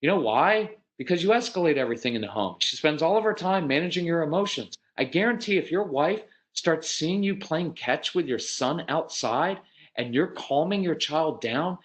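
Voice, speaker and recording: Man, fairly high voice, folksy and animated parenting-seminar speaker who coaches dads. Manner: animated, acts out quoted parents with sudden pitch jumps; folksy, earnest, addresses dads directly.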